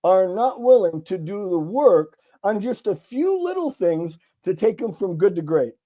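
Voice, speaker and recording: A middle-aged man from California, a sales author and guest, telling lively stories in a casual interview and acting out the dialogue. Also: high-pitched, unhurried, muffled recording. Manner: animated storyteller acting out dialogue, casual swearing. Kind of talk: conversational interview storytelling.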